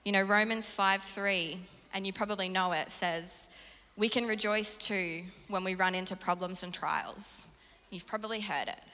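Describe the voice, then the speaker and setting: A young woman preaching a sermon in an earnest, animated way. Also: mid-range voice, normal speed. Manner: earnest, animated storytelling with laughs. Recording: reverberant hall.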